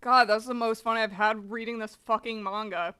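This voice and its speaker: A woman streamer reading a manga aloud, chatty and animated, swearing freely. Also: a little high, moderate pace, smooth. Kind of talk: casual live-stream commentary.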